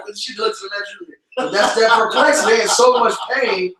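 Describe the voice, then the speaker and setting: A man's voice: high-pitched, fairly even intonation, quick pace, hardly any pauses, pushed and bright. A man preaching scripture, tagging his lines with "man" in a casual style. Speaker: street preacher. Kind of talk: street preaching. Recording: echoey and distant from the mic.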